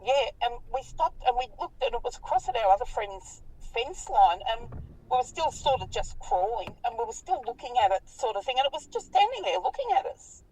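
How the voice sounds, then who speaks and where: Husky Australian woman recounting a sighting. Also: on the high side, brisk, far from the mic, rough recording. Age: 50s. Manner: animated, colloquial, swears freely. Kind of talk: casual storytelling interview.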